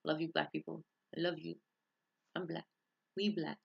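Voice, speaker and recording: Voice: medium pitch, level tone, moderate pace, creaky, breathy edge. A vlogger from the United States talking in a casual, rambling monologue that drifts between tangents and breaks off mid-thought. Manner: rambling, tangential, self-interrupting. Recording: dull lo-fi recording.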